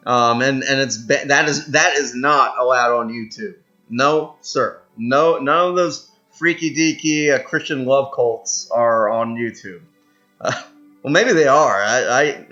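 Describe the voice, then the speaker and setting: With a mid-range, pushed and bright voice, this young gameplay commentator talks casually through his strategy game. He reads event text aloud and muses with lots of fillers and laughter; the recording's highs are cut off.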